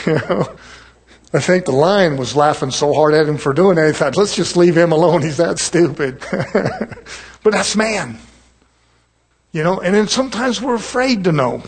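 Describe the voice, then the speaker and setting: Male preacher, husky voice, high-pitched, folksy sermon with chuckles. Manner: folksy, conversational preaching with chuckles and acted-out quotes.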